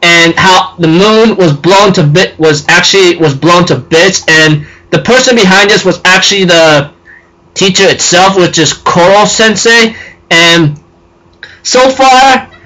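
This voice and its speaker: An anime reviewer recaps an episode in a high-pitched, pushed, bright voice at a measured pace, and the recording is rough. He rambles, packing in fillers like "you know" and "and so forth," and giggles as he talks.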